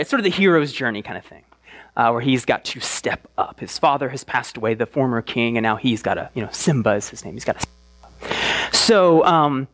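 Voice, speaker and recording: A man preaching a sermon in a conversational way, often checking in with the crowd and restarting his phrases. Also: on the high side. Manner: animated, with frequent restarts. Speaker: pastor.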